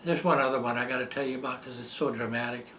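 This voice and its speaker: An older man telling a personal story as a testimonial, rambling and halting, with many fillers and restarts. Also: mid-range voice, fairly even intonation, sharp tone, reverberant, slight background noise. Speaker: patient giving a testimonial. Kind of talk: storytelling tribute.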